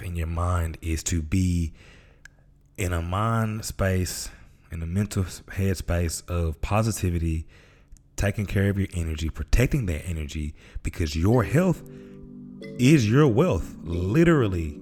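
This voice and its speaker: A man's voice: sits low, steady tone, a little slow, darkish tone, soft background music. A man from Memphis, hosting a casual motivational podcast monologue in a laid-back, slangy way. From Memphis, Tennessee. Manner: laid-back, slangy, acts out voices in stories. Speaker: podcast host.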